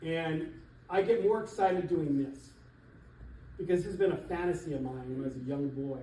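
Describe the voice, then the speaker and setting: A middle-aged man, a real estate coach, giving an animated motivational seminar talk to an audience in a church hall. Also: a little high, normal speed, slight background noise. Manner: emphatic, animated, laughs between points. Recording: echoey hall, voice from far off.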